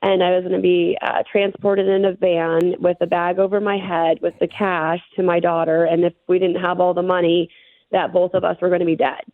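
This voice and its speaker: A woman's voice: lowish voice, little pitch movement, no echo. A middle-aged woman, an interview guest, earnestly recounting a personal ordeal with many fillers. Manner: earnest, rushed storytelling with fillers. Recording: dry, thin phone-line sound.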